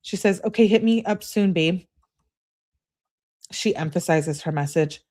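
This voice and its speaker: A woman hosting a true-crime channel, reading a couple's text messages aloud in a casual way and breaking off for quick remarks of her own. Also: on the low side, a little mellow. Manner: reads texts aloud, breaks off with quick asides. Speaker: host reading case evidence.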